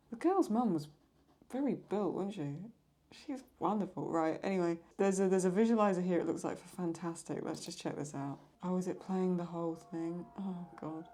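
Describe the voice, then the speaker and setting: A young woman chatting excitedly and mocking herself while she reacts to videos as host of her channel. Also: lowish voice. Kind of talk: casual reaction commentary.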